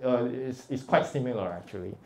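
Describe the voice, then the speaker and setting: A middle-aged man from Singapore with a Singaporean English accent, giving a lively, informal lecture as a guest professor, chuckling often and checking in with his listeners. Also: mid-range voice, fairly quick, vocal fry.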